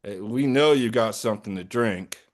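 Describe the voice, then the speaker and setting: A man's voice: on the low side, moderate pace, close to an everyday voice. A man reading as a sly ghost in a bear suit. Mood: offhand. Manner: casual, slyly offhand.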